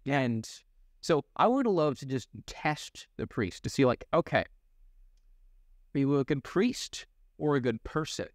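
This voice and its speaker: A man's voice: mid-range voice, a little slow, no echo, clean studio sound. A young man and voice actor, co-hosting a casual comedic chat, rambling through stories and laughing often. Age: young adult. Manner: animated, laughing, rambling storyteller. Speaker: podcast co-host and voice actor.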